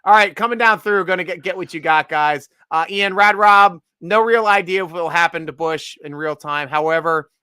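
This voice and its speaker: A man's voice: high-pitched, normal speed, hardly any pauses, bright, forceful tone, clear, resonant tone, dry recording. A man hosting a casual sports draft show, joking and rambling, laughing often. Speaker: podcast host.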